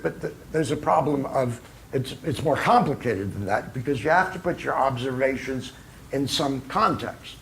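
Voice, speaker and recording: A man's voice: mid-range voice, gravelly, a little hiss or hum, rough recording. A man giving an informal philosophy lecture full of jokes, rambling and searching for words. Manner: rambling, with many fillers and restarts. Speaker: speaker at a philosophy humor talk. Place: lecture at a college.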